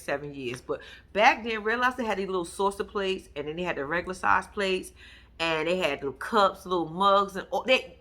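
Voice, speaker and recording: A woman hosting a casual vlog, swearing freely and laughing as she tells stories straight to her viewers. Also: mid-range voice. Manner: profane, animated, talks straight to viewers as y'all. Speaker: vlog host recapping a TV episode. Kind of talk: casual storytelling commentary.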